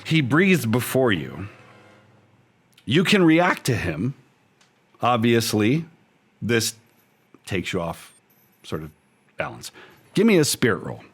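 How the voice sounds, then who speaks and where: A man's voice: mid-range voice, wildly swooping pitch, slow, pauses often, husky. A man running a tabletop horror game as game master, describing gory scenes vividly with casual asides.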